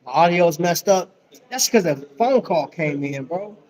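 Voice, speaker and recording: A man's voice: on the high side, expressive, a little slow, darkish tone, poor audio. An American man hosting a casual live chat from a busy restaurant, joking and slangy, talking into a phone. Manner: slangy, joking, calls viewers bro. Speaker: livestream host.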